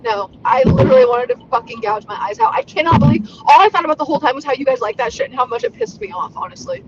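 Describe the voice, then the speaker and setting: A woman co-hosting by phone while she drives, loud and gushing, swearing and laughing as she chats. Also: high voice, sing-song, fast talker, dull audio. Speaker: podcast co-host calling in. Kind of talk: casual chat while driving. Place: in a car. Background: road noise.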